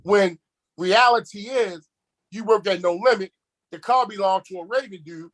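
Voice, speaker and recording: A man chats casually. His voice sits high, and he tells streetwise stories, often repeating words as he gets going. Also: normal speed, fairly bright tone, poor audio. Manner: streetwise storyteller, repeats words when starting. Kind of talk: casual chat.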